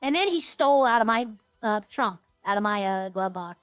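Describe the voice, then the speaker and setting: A woman's voice: medium pitch, animated, normal speed, clear, resonant tone, no room sound, faint music behind. A woman streamer chatting casually while she plays, rambling and thinking aloud. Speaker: roleplay game streamer. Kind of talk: casual gameplay chat.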